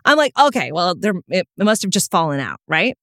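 Animated woman telling a story. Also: fairly quick, no echo, studio quality. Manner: animated, swearing, big pitch jumps when excited. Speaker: podcast co-host. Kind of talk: casual chat, storytelling.

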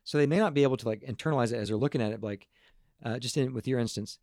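A man's voice: mid-range voice, very fast, no room sound, clean studio sound. Earnest man telling stories, stumbling over words. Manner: earnest, animated, with stumbling repeated restarts. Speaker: guest speaker on parenting and emotions. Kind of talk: casual storytelling talk to a group.

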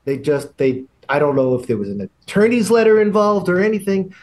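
A middle-aged man, a guest on a podcast, telling anecdotes in a measured way. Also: sits high, very animated, darkish tone. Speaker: guest, music retail executive. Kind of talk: casual interview talk.

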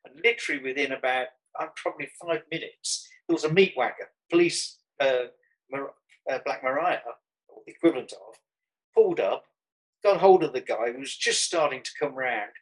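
A man from Birmingham with his regional accent and a slightly husky, breathy voice, telling a winding story in a relaxed interview. He restarts phrases often and chuckles along. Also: mid-range voice, moderate pace, rough recording. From Birmingham, England. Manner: rambling anecdotal storyteller with frequent restarts and chuckles. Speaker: artist guest.

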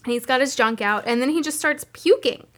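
A woman's voice: sits high, fairly quick, fairly bright tone. A woman co-hosting a podcast who teases in a dry, casual way. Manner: teasing, dry. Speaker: podcast co-host.

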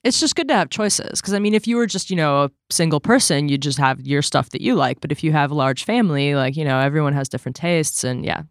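A chatty tech podcast co-host with a smooth, clear voice at an average pitch. Talks in an easy back-and-forth and often drops in "like". The recording is dry and close-miked. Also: fast, few pauses, no echo. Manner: lively and chatty, peppered with "like". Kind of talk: casual tech chat.

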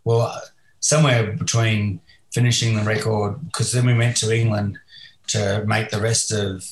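A man's voice: lowish voice, flat delivery, a little slow. A man talking casually as a guest musician, rambling and hesitant with many fillers. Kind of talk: casual interview chat. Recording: roomy echo.

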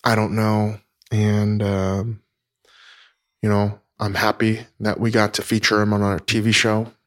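Man host with a lowish voice, halting, emotional delivery, stops and restarts a lot. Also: monotone. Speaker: podcast host. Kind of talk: casual podcast talk. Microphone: teleconference recording.

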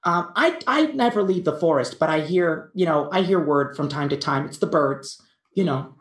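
A woman voicing a gentle, polite female bush baby spirit in a tabletop role-play, talking in a hesitant, apologetic way. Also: sits low, expressive, normal speed. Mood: chatty. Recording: roomy echo.

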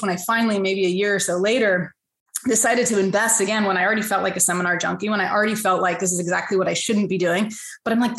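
A woman, a financial advisor, telling her story as a podcast guest, lively and acting out the voices of the people she quotes. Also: roomy sound, rough recording. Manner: animated, acts out quotes in high voices. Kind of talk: casual storytelling interview.

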